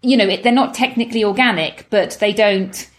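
Chatty, enthusiastic female co-host, mid-pitched, asks questions. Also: a little fast. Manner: enthusiastic, chatty, playing devil's advocate. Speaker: podcast co-host. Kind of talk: casual chat.

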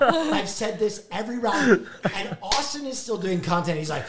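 A young man and podcast co-host, telling a story in a theatrical way, acting out quoted lines with shouts and laughter. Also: high-pitched, moderate pace, a loud crowd. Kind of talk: animated storytelling.

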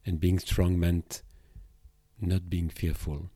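A man from Belgium with a Belgian French accent, a therapist speaking reflectively in a podcast monologue, pausing and restarting as he searches for words. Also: low-pitched, little pitch movement, mellow, husky, no echo.

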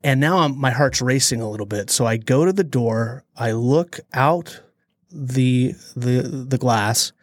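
A man co-hosting a podcast, telling a story in a lively, dramatic way. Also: mid-range voice, no room sound. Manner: animated storyteller, dramatic pauses. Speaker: podcast co-host. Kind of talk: casual storytelling chat.

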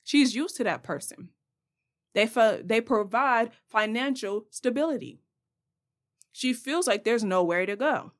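A young woman hosting a podcast, giving blunt, passionate advice straight to her listeners in a casual monologue. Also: mid-range voice. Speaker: podcast host.

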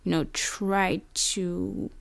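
A woman's voice: fairly low pitch, flat delivery, very slow, vocal fry, no echo. A young adult woman from Nigeria with a Nigerian English accent, hosting a reflective personal monologue in an earnest way, full of "you know" and "like". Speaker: podcast host.

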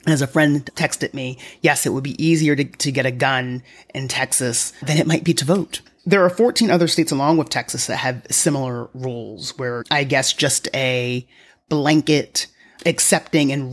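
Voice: mid-range voice, steady tone, moderate pace. Podcast host thinking aloud at home. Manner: conversational and wry, thinking aloud. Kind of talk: solo podcast commentary. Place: apartment at home, quiet early morning.

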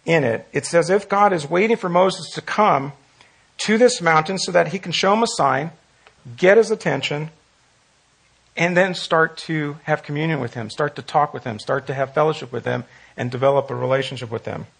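A man's voice: a little high, normal speed, vocal fry, fairly bright tone, husky. A man teaching a Bible study, earnest, repeating phrases for emphasis and reading scripture aloud. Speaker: pastor leading Bible study.

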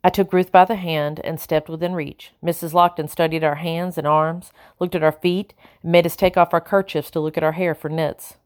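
Woman audiobook narrator, first-person, deep voice, measured, earnest. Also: level tone, darkish tone.

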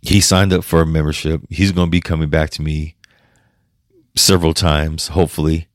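Deep-voiced man, choked up on his podcast. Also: flat delivery, no echo, studio quality. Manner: emotional, halting, with restarts and laughs through tears. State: choked up, near tears. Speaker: podcast host. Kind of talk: personal podcast monologue.

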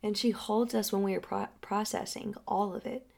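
A young adult woman speaking slowly and softly as a healing guide, often sinking into a breathy half-whisper. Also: mid-range voice, fairly even intonation. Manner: slow, soft and drawn out, often dropping into a breathy half-whisper. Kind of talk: reflective spoken storytelling.

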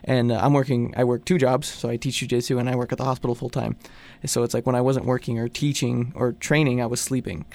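A man's voice: mid-range voice, little pitch movement, fast talker, hardly any pauses, darkish tone. A young man, an MMA fighter, chatting casually on a podcast, saying "dude" and "like" a lot.

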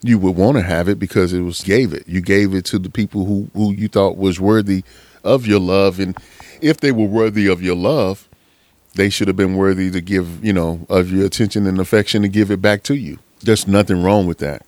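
Man, low voice, casual slangy motivational monologue, dry close sound. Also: steady tone, normal speed, darkish tone, dry recording. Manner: preachy, repetitive, slangy, calls listener man. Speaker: motivational speaker.

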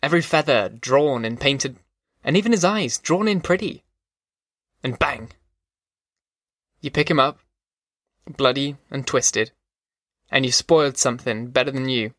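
A rueful old frontier soldier, as an audiobook narrator puts him on, drawling slowly through a sad memory. The voice sits at an ordinary middle pitch and sounds dry and close. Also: male voice, fairly bright tone, dry recording, lightly acted. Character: old male frontier army veteran, rueful storyteller.

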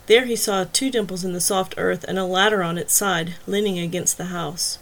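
A woman narrating a crime novel as an audiobook in a steady, even storytelling manner. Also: fairly low pitch, normal speed. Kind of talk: scripted narration.

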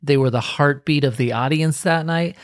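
A man's voice: on the high side, normal speed, no echo. Dry-joking man, very dry studio sound. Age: 40s. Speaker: podcast co-host. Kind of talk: casual podcast chat.

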